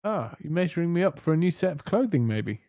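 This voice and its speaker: A man's voice: a little high, very animated, quick pace, mellow, no echo, clean studio sound. A man playing a tabletop game, hesitant and jokey. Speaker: player. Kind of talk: tabletop role-play.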